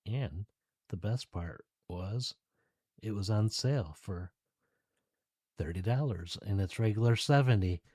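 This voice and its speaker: A man hosting his own podcast, talking casually and directly to his listeners in a relaxed, chatty way. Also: lowish voice, dry recording, clean studio sound. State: tired, yawning. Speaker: podcast host. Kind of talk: casual solo podcast talk.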